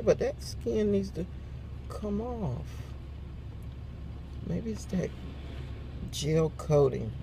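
Older woman vlogger, gravelly voice with faint car hum behind; chatty, acts out quotes, laughs a lot. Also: a bass voice, warm tone. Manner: laughs often. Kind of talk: casual morning chat.

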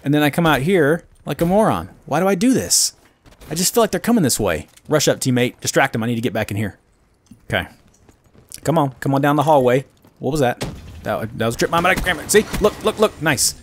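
Gamer guy narrating his match, lively swings in pitch, mocks himself a lot, faint hiss behind. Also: fairly quick. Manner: self-mocking, excitable outbursts and muttering. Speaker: gaming commentator. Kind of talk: casual gameplay commentary.

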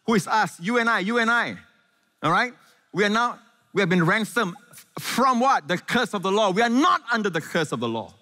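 Male pastor, lively sermon delivery, higher pitch, long hall reverb. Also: brisk. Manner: animated, asks the congregation questions and calls for amens.

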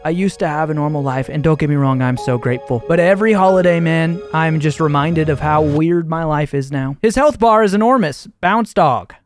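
A young man reacting to memes in an excitable, slangy way, often slipping into silly voices. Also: a little high, fairly quick, few pauses. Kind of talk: casual reaction commentary. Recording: music playing behind.

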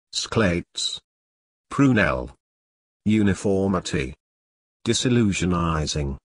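A lowish, husky male voice reads words one at a time, each said separately. His pace is very slow, with pauses between the words, while his pitch moves a lot from word to word. The sound is dry and close. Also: a bit bright, no echo. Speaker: vocabulary reader. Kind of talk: reading a list of single words aloud.

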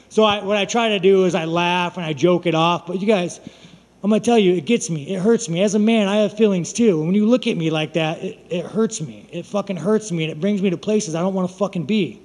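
High-voiced man, profane and taunting. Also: fairly quick, a little mellow, in a large hall. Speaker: fighter at a press conference. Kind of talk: press conference talk.

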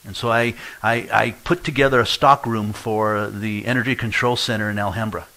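A middle-aged man preaching in a church, sharing his testimony in a storytelling way. His voice sits a little low, and he brings in the people from his story with lively put-on voices. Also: moderate pace, poor audio. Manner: storytelling, acts out quoted voices with laughs. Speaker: pastor. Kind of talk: sermon with personal testimony.

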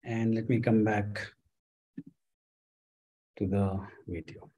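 A man leading a live-streamed stress management workshop, talking with many fillers and gently coaxing his viewers. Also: fairly low pitch, flat delivery, slow pace, low-quality recording. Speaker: workshop instructor.

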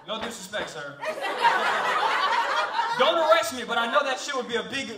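A man doing a stand-up set with crowd work, loud and mocking, swearing as he talks to the audience. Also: very high-pitched, very animated, moderate pace, very noisy. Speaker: stand-up comedian. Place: comedy club stage. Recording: echoey club from a distance, loud crowd and laughter.

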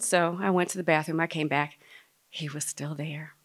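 A woman telling a personal story to a live audience, dramatic and speaking straight to the listeners, sometimes dropping to a hush. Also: sits low, steady tone, normal speed. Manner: dramatic, drops to a hush at tender moments.

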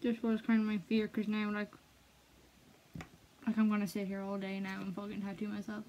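A young woman chatting casually to the camera, excitable and giggly, slipping between bubbly chatter and hushed asides. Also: medium pitch, moderate pace, lo-fi sound, slight background noise. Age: young adult. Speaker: art student vlogger.

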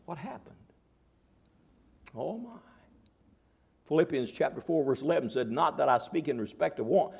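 Folksy gravelly-voiced preacher. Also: male voice, mid-range voice, expressive, fairly quick, long pauses. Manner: folksy preaching with swings from murmurs to loud exclaims. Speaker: pastor. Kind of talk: sermon.

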